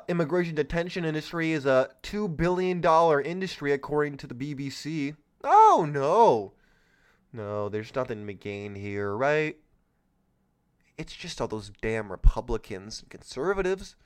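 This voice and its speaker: A man's voice: a little high, clear, resonant tone. A man hosting his own commentary podcast, talking in a sarcastic, mocking way with lots of exclamations. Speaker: podcast host. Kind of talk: solo political commentary podcast.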